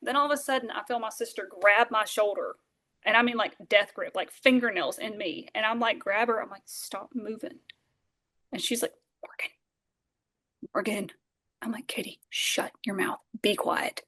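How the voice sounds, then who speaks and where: A woman, a podcast guest telling a lively story and acting out the voices of those in it. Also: medium pitch, normal speed. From Southern Alabama. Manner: animated, acts out dialogue, many fillers. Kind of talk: storytelling in casual interview.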